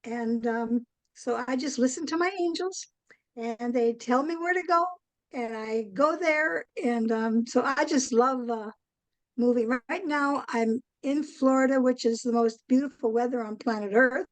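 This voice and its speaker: Older lady rambling through a story, lots of ums, kinda high voice, dry sound. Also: no room sound, rough recording. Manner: rambling storyteller with many "um"s and long pauses. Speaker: interview guest. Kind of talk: casual interview chat.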